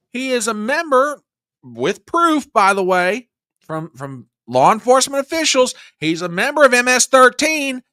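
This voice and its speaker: A man's voice: very high-pitched, pushed and bright, no room sound, studio quality. A man hosting a political commentary show, ranting with exasperated sarcasm. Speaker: host.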